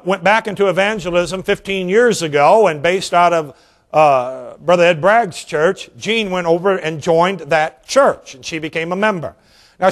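A man, an evangelist preaching a sermon in a folksy, animated way, drawing out his points. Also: sits high. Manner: folksy, animated, drawn-out emphasis. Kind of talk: sermon with storytelling.

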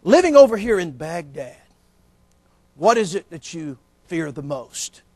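A man's voice: fairly high pitch, sing-song, measured pace, a little mellow, no echo. A man voicing a young woman reporter questioning a soldier in a joke. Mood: earnest.

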